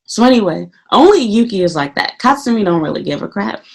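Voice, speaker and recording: A woman vents to the camera in a casual vlog. She curses freely and tells the story in an animated way, voicing her own remarks out loud. Her voice sits at a medium pitch. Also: brisk, gravelly, hardly any pauses, slightly rough. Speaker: English teacher in Japan.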